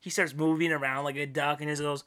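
A woman's voice: low voice, level tone, fast, a bit bright. A woman co-hosting a podcast in casual chat, acting out silly characters with big voices. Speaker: podcast co-host.

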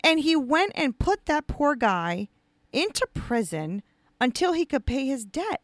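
A woman's voice: sits high, very animated, measured pace, no room sound, studio quality. A woman giving a casual devotional teaching, talking conversationally with lots of fillers and restarts. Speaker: speaker retelling a parable.

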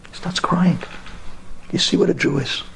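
Animated male storyteller, gravelly voice. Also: sits high, moderate pace. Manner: animated, addresses listeners directly. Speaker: speaker. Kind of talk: storytelling to an audience.

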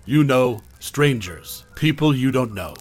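A man's voice: medium pitch, expressive, measured pace. Smarmy creature in a businessman's skin, patronizing and falsely cheerful, read by a man.

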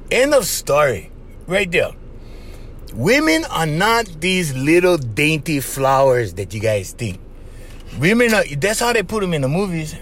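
Animated man with a lively voice. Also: on the high side, slight background noise. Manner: animated, laughs often, acts out little voices. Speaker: podcast host. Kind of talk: casual monologue giving dating advice.

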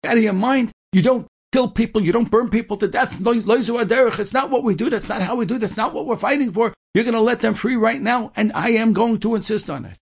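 A man voicing an outraged German army officer who shouts and scolds in a high, strained voice. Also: fast talker, vocal fry, hardly any pauses, slightly rough, full character voice.

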